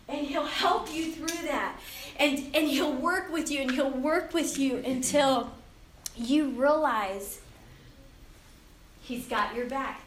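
A woman in her fifties giving a casual Christian talk to young people, chatty and animated, often laughing and acting out the voices in her head. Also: sits high, slow pace, background noise. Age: 50s. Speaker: youth speaker. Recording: roomy, distant hall mic with faint ambience.

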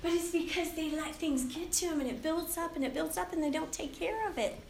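High-voiced woman in her fifties, laughing often. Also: brisk, gravelly, slight background noise. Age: 50s. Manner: chatty and animated, laughing often, acting out inner voices. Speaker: youth speaker. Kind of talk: informal Christian talk to young people. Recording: roomy, distant hall mic with faint ambience.

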